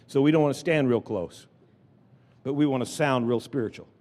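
A man's voice: mid-range voice, a little fast, warm tone, in a large hall. A man preaching a sermon from the pulpit, leading call-and-response with the congregation, repeating phrases and restarting sentences. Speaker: pastor. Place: church sanctuary with congregation.

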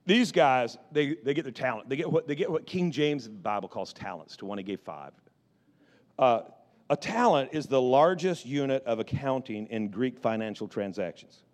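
A male pastor telling a story in his sermon. He is animated and often repeats words and restarts his sentences. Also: mid-range voice, moderate pace.

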